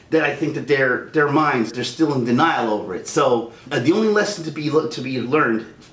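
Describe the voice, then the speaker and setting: A man's voice: on the high side, a bit bright, echoey room. A man hosting a casual ranting chat, heated and rambling, stumbling over restarts. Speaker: YouTube channel host.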